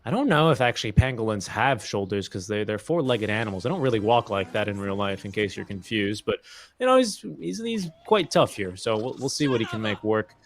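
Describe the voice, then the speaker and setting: A man's voice: fairly low pitch, animated, fairly quick. A man giving live esports play-by-play commentary with an easygoing, jokey manner.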